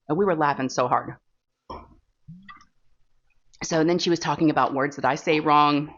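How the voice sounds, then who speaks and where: Texan lady rambling away while she crafts, lowish voice, muffled phone audio. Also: normal speed, pauses often, a bit bright. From Texas. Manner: chatty and rambling, with many fillers and laughs. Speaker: crafting channel host. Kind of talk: casual chat while diamond painting. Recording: dull lo-fi phone recording.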